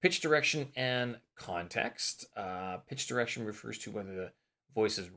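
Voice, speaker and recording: A man's voice: on the low side, lively intonation, moderate pace, gravelly, a bit bright. A man teaching English, reading his course notes aloud in a casual study vlog, thinking aloud and muttering self-mocking remarks as he checks his answers.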